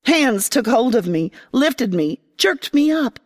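Woman narrator, first-person fantasy story, expressive, fairly high voice. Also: slow, big-room sound. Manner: expressive, dramatic, voicing a young girl.

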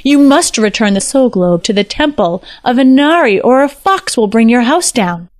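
A woman's voice: a little high, expressive, moderate pace, no room sound, natural voice. A woman voicing a brave, honest young male fox in a fantasy story, speaking formally and politely. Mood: solemn. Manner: formal, courteous speech.

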